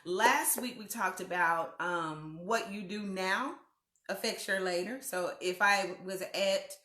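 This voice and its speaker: Woman live-stream host, slow, chatty, bright voice, echoey living room. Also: medium pitch. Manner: chatty, greets viewers by name, slow and drawn out. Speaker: host of a weekly live video chat. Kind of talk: casual live-stream chat.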